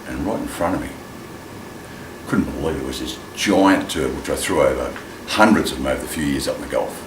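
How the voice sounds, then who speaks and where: A man telling a personal story in an animated way, acting out the voices in it. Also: rumbling low, a little fast. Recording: echoey room with clear ambient noise.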